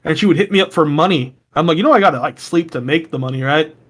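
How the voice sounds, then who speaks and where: A young man on a podcast, telling profane, animated stories and jumping high when he quotes people. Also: quick pace. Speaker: podcast co-host. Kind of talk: casual storytelling chat.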